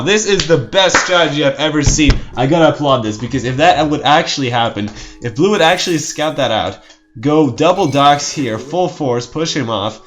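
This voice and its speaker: A man's voice: medium pitch, fairly bright tone. A man giving casual, rambling game commentary, joking and breaking off with nervous laughs. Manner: rambling, jokey, self-interrupting with nervous laughs.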